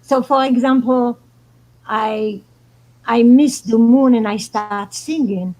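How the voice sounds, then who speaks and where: A woman's voice: on the high side, takes it slowly, a little mellow, rough recording. A woman guest on a talk show, telling spiritual stories in an earnest, meandering way. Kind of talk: casual storytelling chat.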